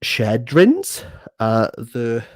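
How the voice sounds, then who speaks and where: A man's voice: medium pitch, wildly swooping pitch, extremely slow, no room sound. A young man chatting casually through a bookshelf tour, rambling and joking at his own expense. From Wales. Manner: joking, rambling, self-mocking with laughs. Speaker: book vlogger. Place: small box room at home.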